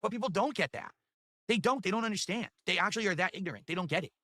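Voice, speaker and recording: A male YouTuber delivers a defiant, self-justifying monologue at a rapid clip. His voice is fairly high for a man and has a bright, tense edge. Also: animated.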